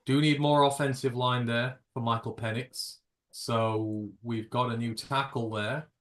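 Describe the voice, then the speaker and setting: A man's voice: medium pitch, fairly even intonation, measured pace, a bit bright. A British man hosting a live reaction stream, rambling and jokey, with casual swearing. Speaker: livestream host.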